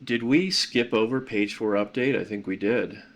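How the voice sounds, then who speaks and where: A man's voice: lowish voice, normal speed. A middle-aged man hosting a podcast in casual chat, rambling and hesitant with frequent ums. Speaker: podcast host.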